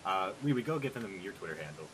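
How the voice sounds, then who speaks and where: A man's voice: low voice, very animated, quick pace, noisy background. A man hosting a podcast, chatting casually and joking as he rambles through plans for the show. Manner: rambling, joking, upbeat promo talk. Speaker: podcast host.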